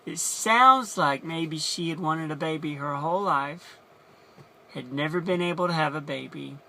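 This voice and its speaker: A man's voice: on the high side, normal speed, vocal fry, pushed and bright. A man casually retelling a Bible story as a teacher, chatty and explaining as he goes.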